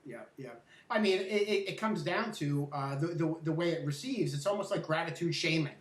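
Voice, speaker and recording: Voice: mid-range voice, brisk. Rambling middle-aged host, echoey and distant. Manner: rambling, with restarts and "uh". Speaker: interview host. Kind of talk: conversational interview.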